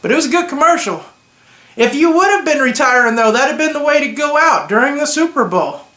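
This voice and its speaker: A man's voice: very high voice, animated, brisk, bright, forceful tone, roomy sound. A young man giving opinionated, joking reactions in a casual, slangy vlog. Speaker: vlogger.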